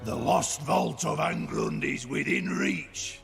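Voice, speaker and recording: An actor playing a fierce male dwarf lord who rallies his clan in a game battle speech, in a gravelly, bellowing voice. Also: fairly high pitch, wildly swooping pitch, slow pace, full character voice. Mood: rousing. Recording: game audio with faint music.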